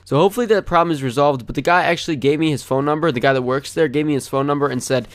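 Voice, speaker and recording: A man's voice: fairly high pitch, racing, no echo, studio quality. A young man, a gaming channel host, telling a story in a rambling, chatty way over gameplay, full of "like".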